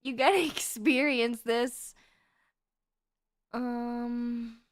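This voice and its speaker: A young woman streaming casually while she draws, chatting in a rambling, excitable way and breaking into giggles. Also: a little high, drawn-out words. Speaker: VTuber streamer. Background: faint background music.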